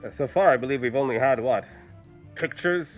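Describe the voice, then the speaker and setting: A man's voice: mid-range voice, a little fast, soft background music. A man playing a character in a tabletop game, speaking politely and hesitantly. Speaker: player.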